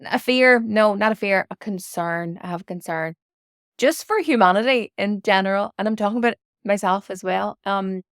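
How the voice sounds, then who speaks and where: Smooth-voiced woman host, thoughtful. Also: medium pitch, moderate pace, no room sound, clean studio sound. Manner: reflective, thinks aloud with restarts. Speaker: interview host. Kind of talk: casual interview chat.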